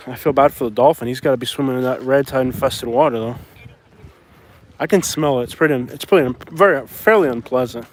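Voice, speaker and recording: A man's voice: mid-range voice, brisk, slight background noise. A man from Florida chatting casually on a live stream as he walks outdoors near a beach, rambling and repeating himself, recorded on a phone on a stabilizer. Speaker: vlogger hosting a live stream. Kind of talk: casual live-stream chat while walking.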